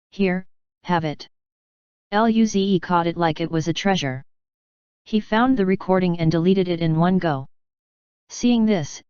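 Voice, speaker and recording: A woman with a smooth, very clear voice, pitched a little low, reads an audiobook in a steady, even way. The sound is close and dry, with a slightly dull, muffled tone. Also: dry recording. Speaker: audiobook narrator. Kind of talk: scripted narration.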